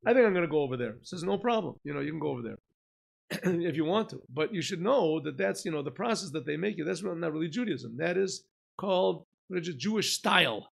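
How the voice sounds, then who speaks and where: Gravelly man teaching a casual Torah class. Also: a little high, lively intonation, quick pace. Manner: conversational, asks and answers his own questions, frequent throat clearing. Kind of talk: informal Torah lesson.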